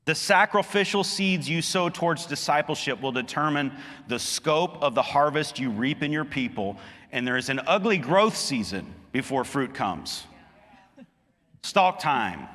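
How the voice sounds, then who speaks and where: A man preaching a sermon as a pastor, earnest, climbing higher and louder when he drives a point home. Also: big pitch swings, measured pace, in a large hall. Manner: earnest preaching, rising emphatically on key points.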